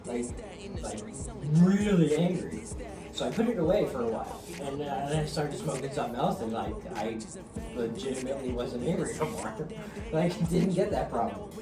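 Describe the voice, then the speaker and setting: Animated, swearing man telling a story. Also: mid-range voice, a little fast. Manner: animated, swearing, laughing through stories. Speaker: guest. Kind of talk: casual storytelling. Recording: roomy echo, distant mic, music behind. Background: music.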